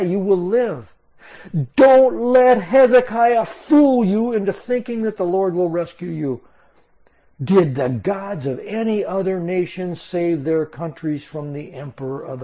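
A man voicing a boastful male Assyrian envoy who mocks and shouts at a besieged city, delivered as raised, declaiming scripture reading. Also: high voice, dull audio, voice pushed up. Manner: taunting, declaiming, raised and forceful.

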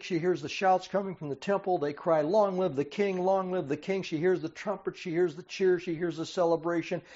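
A man delivering a sermon in a slightly raised, husky voice. He reads scripture and explains it, leaning hard into quoted cries. The recording sounds dull and lo-fi. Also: on the high side, darkish tone. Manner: dramatic, rising emphasis on quoted cries. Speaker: preacher.

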